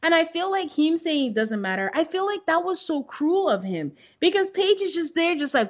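A woman's voice: extremely high pitch, moderate pace, lo-fi sound. A woman co-hosting a casual chat, retelling scenes dramatically and using casual slang. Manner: animated, dramatic retelling with acted-out quotes. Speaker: podcast co-host. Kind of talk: casual chat recapping a reality show.

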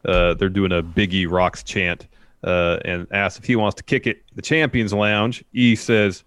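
A man's voice: sits low, moderate pace, a bit bright, no room sound. A man co-hosting a podcast, casually retelling a wrestling show play by play with plenty of fillers. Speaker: podcast co-host recapping wrestling. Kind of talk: casual recap chat.

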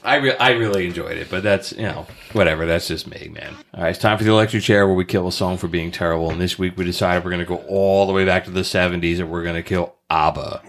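A man's voice: low voice, fast talker, few pauses, a bit bright, a little hiss or hum. A man hosting a podcast, chatting loosely among friends, swearing casually and wrapping up the show. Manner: laid-back, swears casually, reads the outro. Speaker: podcast host. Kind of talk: casual chat.

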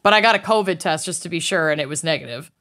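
A woman's voice: low-pitched, animated, quick pace, fairly bright tone. A young woman, co-hosting a podcast and telling a story in casual chat, full of "like" fillers. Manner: chatty storyteller, frequent "like" fillers. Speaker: podcast co-host.

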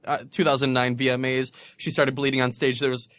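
A man's voice: mid-range voice, flat delivery, a little fast, fairly bright tone. A man co-hosting a podcast in playful, joking casual chat, with theatrical asides. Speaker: podcast co-host.

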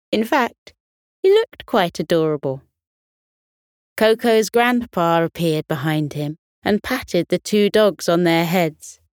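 A woman narrating a children's bedtime story in a gentle, soothing, expressive way. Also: lowish voice, no echo, clean studio sound.

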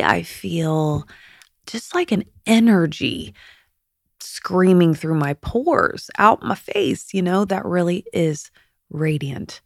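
Gravelly low woman with a slight lisp. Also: animated, slow pace, no echo, studio quality. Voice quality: slight lisp on her S sounds. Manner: chatty and confiding, drifts into soft whispers. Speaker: podcast host. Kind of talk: candid personal monologue.

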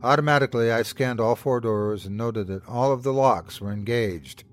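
A man hosting a podcast, giving a slow, hushed, suspenseful scripted narration of a horror story. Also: mid-range voice.

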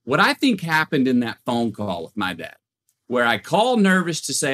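A man who is a guest on a podcast, talking in a casual, animated storytelling way with frequent restarts and repeated words. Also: mid-range voice, normal speed.

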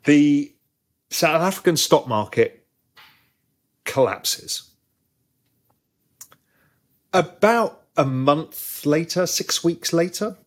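A man, a former trader, telling a long anecdote in an interview with quick asides. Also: fairly high pitch, lively intonation. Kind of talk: storytelling interview.

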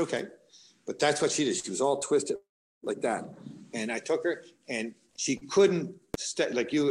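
A man's voice: medium pitch, poor audio. A man who coaches boxing and owns a gym, telling a long story in an interview with many restarts and fillers.

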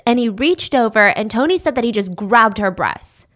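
A woman hosting a podcast, telling a true-crime story in a casual, animated way and acting out the people in it. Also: a little high, normal speed. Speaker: podcast host.

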